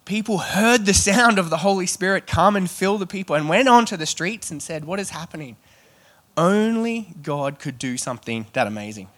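Male preacher, casual and animated, light self-deprecating humour, slightly higher voice. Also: normal speed, few pauses. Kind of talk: sermon.

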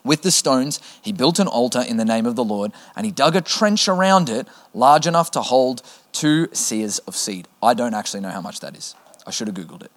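A man's voice: mid-range voice, lively intonation, fairly quick. A male preacher reading scripture aloud in a sermon, with casual joking asides to the congregation.

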